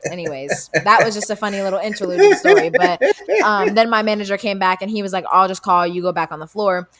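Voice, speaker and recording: A young woman on a podcast, rattling through a personal story at a quick clip. She drops in fillers and swearing and acts out what other people said. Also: mid-range voice, over a noisy crowd. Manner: animated retelling, acts out quotes, frequent fillers and swearing. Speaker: podcast co-host. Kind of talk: casual storytelling.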